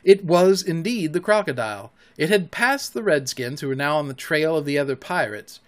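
A man hosting a podcast, reading a children's story aloud with expressive narration. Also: on the high side, normal speed.

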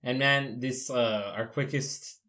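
A man hosting a casual podcast, relaxed and joking, with plenty of slang. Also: medium pitch, slow pace. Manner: laid-back, laughs often, casual slang. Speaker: podcast host.

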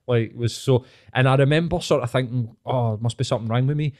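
A man's voice: mid-range voice, quick pace, hardly any pauses, a little mellow. A young Scottish man hosting a podcast, telling stories animatedly with swearing and laughter. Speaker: podcast host. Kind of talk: casual chat.

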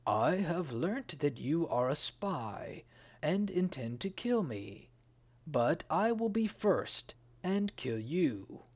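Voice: medium pitch, big pitch swings, takes it slowly, darkish tone. A reader as a cold, merciless king. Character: suspicious, merciless male Greek king.

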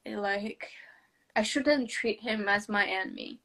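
In conversation, a woman hesitantly shares a personal story, restarting often, laughing softly and using non-native English grammar. Her voice is medium-pitched with vocal fry, and she speaks a little slowly.

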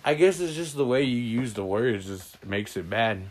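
A man's voice: medium pitch, expressive, moderate pace. A young man hosting a casual chat with his siblings, rambling through stories and laughing often. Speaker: host.

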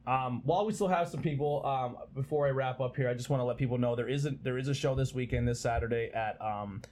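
A man's voice: mid-range voice, fast talker, a little mellow, a little hiss or hum. A man hosting a casual podcast chat, talking in a rambling way with many restarts, his voice strained from overuse. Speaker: podcast host.

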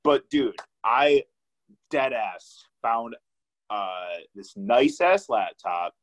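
A man's voice: mid-range voice, expressive, extremely slow, rough recording. A young man hosting a podcast, chatting in a laid-back way, swearing often and leaning on fillers. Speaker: podcast host. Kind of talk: casual chat.

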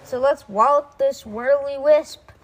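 A woman's voice: sits high, slow pace, pitched above the performer's own voice. A woman reading aloud, voicing a cocky young boy named Rip in a children's storybook. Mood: eager. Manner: cocky, boastful. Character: boy Rip, brash joking kid.

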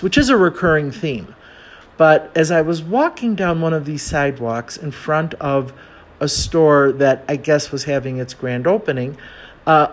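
An American man telling a self-mocking travel story in a chatty, casual way, with many fillers. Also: fairly high pitch. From United States.

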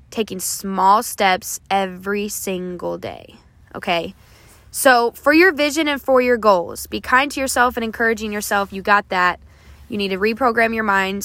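A woman's voice: medium pitch, pushed and bright, no echo. A woman hosting a motivational podcast, talking straight to her listeners in an encouraging, coaxing way and checking in with "okay?" as she goes. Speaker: podcast host.

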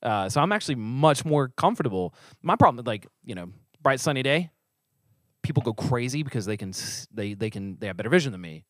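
A man's voice: medium pitch, big pitch swings, a little fast, no echo, clean studio sound. A man co-hosting a faith podcast, chatting casually with joking, self-deprecating asides. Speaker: podcast co-host.

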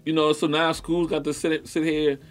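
A man co-hosting a casual sports talk show, animated, repeating himself and laughing often. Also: on the high side, normal speed, soft background music.

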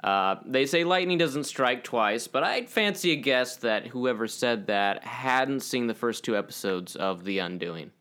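A man's voice: medium pitch, animated, unhurried, few pauses, fairly bright tone. A man co-hosting a podcast, chatting casually and rambling into jokey asides. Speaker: podcast co-host. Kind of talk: casual chat.

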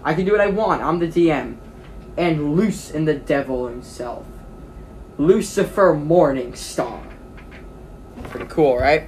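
A game master narrating a tabletop game in a rambling way, with many pauses and restarts. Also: mid-range voice, animated, a little mellow, slight background noise.

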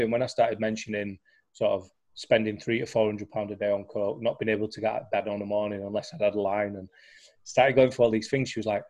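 A young guest with a lowish, darkish voice speaks fast and keeps a steady tone while casually describing his recovery. He rambles like a talkative storyteller, restarting often and using plenty of fillers.

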